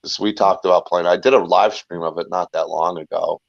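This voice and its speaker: A low-voiced man with a gravelly, creaky edge rambles through a casual chat as a guest. He talks on and on and trips over his own restarts. The sound is dry and dull, like a lo-fi call. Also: fairly even intonation, fairly quick, no room sound. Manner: rambling, talkative, full of restarts. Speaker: guest, filmmaker and YouTuber.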